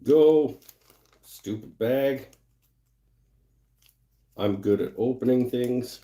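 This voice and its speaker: A man hosts a relaxed live woodturning stream from his home workshop, reading comments from viewers, thinking aloud, and muttering while he works. His medium-pitched voice moves extremely slowly.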